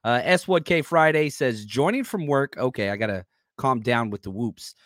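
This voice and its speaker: A man's voice: medium pitch, expressive, normal speed, a bit bright, no echo, studio quality. A man hosting a live sports podcast, talking loosely and energetically while reading chat comments aloud. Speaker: podcast host.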